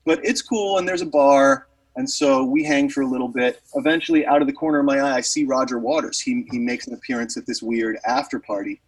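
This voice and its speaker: A man's voice: medium pitch, a little fast, hardly any pauses, breathy edge, distant mic, poor audio. A man, a musician, telling a rambling story in casual chat with lots of fillers and restarts.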